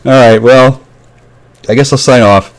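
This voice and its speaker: A man's voice: mid-range voice, fairly even intonation, measured pace, background noise. A man rambling alone to the camera, swearing often, drifting between tangents and trailing off into mumbles. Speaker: vlogger. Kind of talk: rambling solo monologue.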